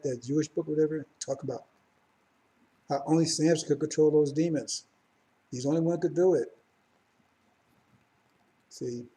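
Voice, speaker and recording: A man's voice: on the high side, warm tone. A middle-aged man giving a rambling live-streamed religious talk, correcting himself and then building to fervent emphasis. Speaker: religious teacher.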